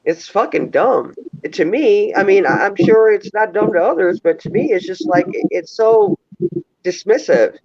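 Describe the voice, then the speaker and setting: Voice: mid-range voice, lively intonation, normal speed, hardly any pauses, darkish tone. A speaker on a casual live stream, ranting and swearing freely. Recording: dull, dry lo-fi sound.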